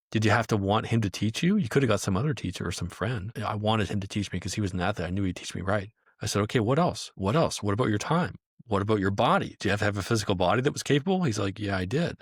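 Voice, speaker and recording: A man working as a life coach, telling a client story in casual, animated speech with frequent swearing and acted-out quotes. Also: lowish voice, dry recording, clean studio sound.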